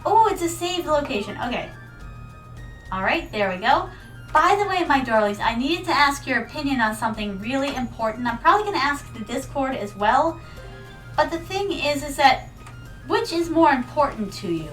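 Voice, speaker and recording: A woman's voice: high-pitched, lively intonation, normal speed, fairly bright tone, distant mic, low-quality recording. A woman streaming a video game, chatting playfully with her viewers, with giggles and dramatic yelps. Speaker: VTuber streamer. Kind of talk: casual gaming stream chat. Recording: mic set back, faint music behind.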